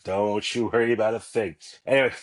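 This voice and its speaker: A man's voice: on the low side, fairly even intonation, a little fast. A man in his forties, a podcast guest, telling family stories with comic timing and acting out the dialogue. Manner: anecdotal, comic, acts out dialogue. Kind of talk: casual storytelling chat.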